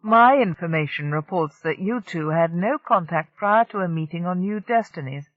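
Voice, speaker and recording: An audiobook narrator voicing a male crime-family enforcer who speaks smoothly and issues quiet threats. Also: medium pitch, expressive, normal speed, no room sound, narrow, tinny audio, natural voice. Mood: cool menace.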